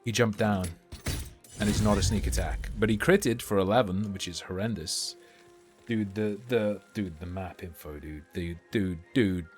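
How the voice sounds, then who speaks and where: A man's voice: fairly low pitch, normal speed, faint music behind. A man streaming a game live, muttering casual commentary and swearing freely as he plays.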